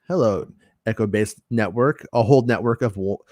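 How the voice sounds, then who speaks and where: A man's voice: lowish voice, normal speed, darkish tone, no room sound. Rambling man, dry close sound. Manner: rambling, many restarts and fillers. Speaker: podcast host. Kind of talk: casual chat.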